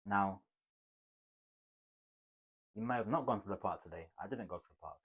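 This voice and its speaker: Man, communication coach, motivational teaching, emphatic, loud-to-hushed swings, slightly low voice. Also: normal speed, husky.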